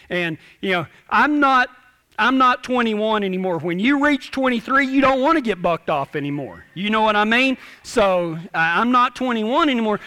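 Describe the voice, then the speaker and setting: High, bright-voiced folksy cowboy preacher man. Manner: folksy, self-deprecating cowboy humor. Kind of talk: humorous storytelling sermon.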